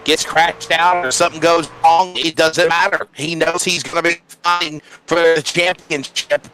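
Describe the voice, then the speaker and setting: Brief: man, play-by-play caller for a sim race, bright and a touch high, eager, stumbling restarts. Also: normal speed, faint music behind, poor audio. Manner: energetic, with frequent fillers and restarts. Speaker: play-by-play commentator. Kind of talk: sim racing commentary.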